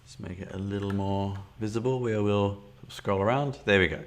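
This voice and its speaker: A man with a fairly low voice streaming a solo tabletop game. He chats casually and thinks aloud, rambling with lots of fillers and restarts. He speaks into a desktop setup with a camera. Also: normal speed, slight background noise.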